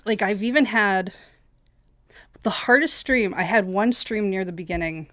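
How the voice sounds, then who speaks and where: A woman's voice: medium pitch, a little slow, fairly bright tone, dry recording, clean studio sound. A female streamer in casual panel chat, telling candid stories about her streams. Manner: candid, storytelling.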